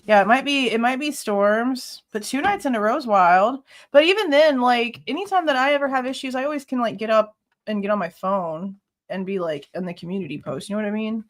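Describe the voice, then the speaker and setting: Woman, fairly high voice, casual livestream chat, greets viewers by name, laughs often. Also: a little fast. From Ohio. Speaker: livestream host.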